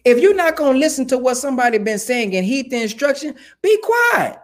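Talking directly to the camera, a young man offers forceful, sermonizing commentary in relaxed, everyday language. He has a very high-pitched voice and talks fast.

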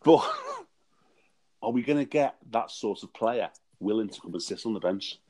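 A man's voice: lowish voice, animated, moderate pace, warm tone. A man co-hosting a casual chat, laughing and swearing freely over a remote call. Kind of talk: casual banter. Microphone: remote call with headphones.

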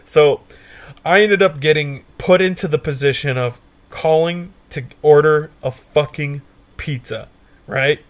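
A young man co-hosting a podcast, telling a stoner story in a profane, animated way and laughing often. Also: fairly high pitch, unhurried. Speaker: podcast co-host. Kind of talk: casual storytelling chat.

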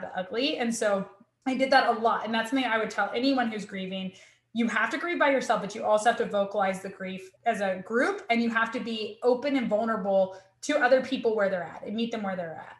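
A woman in her thirties telling her own story in conversation, earnest and reflective, often quoting her own thoughts aloud. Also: on the high side. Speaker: guest sharing her story. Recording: echoey room.

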